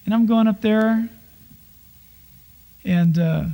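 In this sermon, a male pastor tells stories with lively energy and acts out people's grumbling in over-the-top voices. He speaks slowly, in a high-pitched, gravelly voice.

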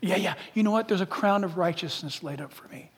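A preacher voicing an older apostle who brushes off his coming death with calm ease. The voice is high and rings with a long hall echo. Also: fast talker, husky. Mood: serene. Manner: serene, offhand. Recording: long reverb of a large hall.

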